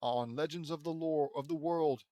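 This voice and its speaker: A man's voice: fairly high pitch, normal speed, dark tone, no echo, close to an everyday voice. A man reading the part of a winged super-powered hero who explains things in a plain, matter-of-fact way. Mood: explaining.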